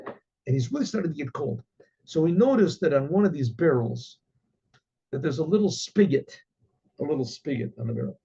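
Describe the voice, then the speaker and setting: A male rabbi telling a story in a halting, unhurried way, often pausing to clear his throat. His voice is gravelly and husky, with a dark tone. It comes through a dull, lo-fi recording. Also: fairly high pitch, big pitch swings.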